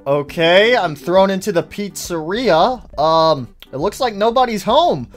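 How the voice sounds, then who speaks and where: A man giving excitable, goofy casual commentary as a gaming YouTuber. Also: sits high, unhurried, faint music behind.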